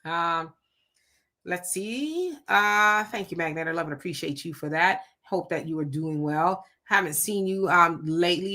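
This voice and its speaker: A woman from Southern California hosting a casual live stream, reading viewer comments aloud with sassy, animated reactions. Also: on the low side.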